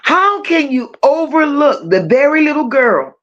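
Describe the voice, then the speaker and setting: Slow, high-voiced woman ranting on a livestream. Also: very animated, highs cut off. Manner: emphatic, confrontational ranting, drawn-out stresses. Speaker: livestream commentary host. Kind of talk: live-stream true-crime commentary, reading super chats.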